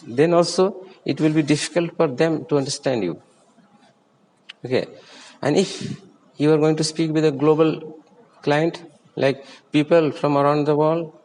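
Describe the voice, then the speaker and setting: A man's voice: fairly high pitch, a little mellow, long reverb tail, low-quality recording. A man with an Indian accent, a native Hindi speaker, teaching English pronunciation patiently and repeating sample words. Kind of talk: explanatory lesson.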